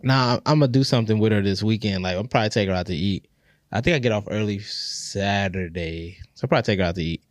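A man's voice: fairly low pitch, quick pace, no echo, clean studio sound. A man in his thirties, a podcast co-host, telling stories in a loose, profane, casual way. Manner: loose, profane storytelling with animated retellings.

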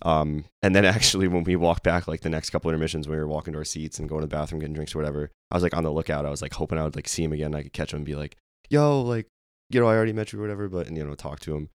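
A young man with a hoarse voice, co-hosting a casual sports podcast and rambling excitedly with many fillers. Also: rumbling low, racing, few pauses, dry recording, clean studio sound. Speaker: podcast co-host.

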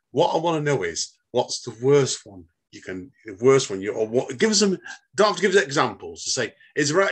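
A man's voice: mid-range voice, fairly bright tone, breathy edge. A man hosting a casual podcast interview, chatty and jokey, calling his guest mate. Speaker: podcast host.

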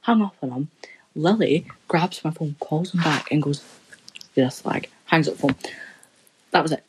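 A woman's voice: low voice, normal speed, background noise. A young woman rambling through a story in casual chat, swearing constantly as a podcast co-host.

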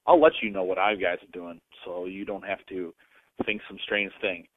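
A man's voice: low-pitched, level tone, normal speed, no echo. A man from Michigan leaving a rambling, laid-back voicemail for a podcast, with lots of fillers. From Michigan, USA. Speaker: caller leaving a voice message. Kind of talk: casual voicemail. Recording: tinny phone-line voicemail.

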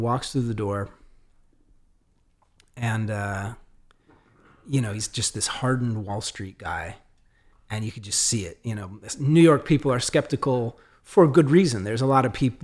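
A man, a podcast guest, telling a story in a casual way, acting out the dialogue of the people in it. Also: mid-range voice. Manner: animated, acts out quoted dialogue; frequent fillers and restarts.

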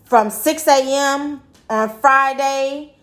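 A woman's voice: sits high, takes it slowly, fairly bright tone. A middle-aged woman telling a personal story in a blunt, profane, rambling way, full of fillers. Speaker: vlogger commenting on a news case. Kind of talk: casual storytelling commentary.

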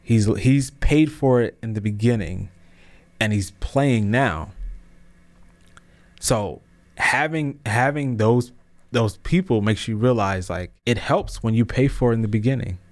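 A man in his thirties hosts a podcast in a medium-pitched, slightly slow voice. His casual motivational monologue is full of slang and restarts, building up to emphatic peaks.

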